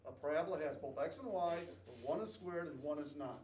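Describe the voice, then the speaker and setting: A man's voice: on the high side, lively intonation, fast talker, darkish tone. A male math teacher lecturing a class, repeating key points and checking in with "okay?". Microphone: distant camera mic. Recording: echoey classroom from far off, faint noise.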